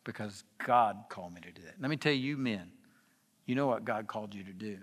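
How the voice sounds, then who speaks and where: A man's voice: lowish voice, lively intonation, fairly quick. A man giving an informal preaching talk as guest speaker at a men's gathering. He speaks in a confessional way and keeps asking the audience questions. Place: event hall with tables. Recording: long hall reverb.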